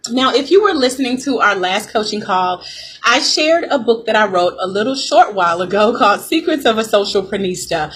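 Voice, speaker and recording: A woman's voice: mid-range voice, fairly bright tone, slightly rough. A woman business coach hosting a live coaching call, upbeat and greeting listeners by name. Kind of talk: live-stream coaching talk. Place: home office with a fan running. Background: fan hum and distant thunder.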